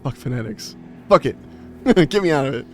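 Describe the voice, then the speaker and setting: A man's voice: medium pitch, expressive, moderate pace, slight background noise. A young man streaming a game in casual chat, rambling on a side topic, swearing and laughing at himself.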